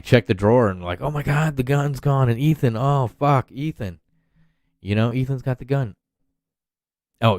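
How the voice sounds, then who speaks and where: A man's voice: mid-range voice, a little mellow, dry recording. A man in his thirties hosting a podcast, ranting in a profane, rambling, heated way. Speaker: podcast host. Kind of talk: solo rant podcast.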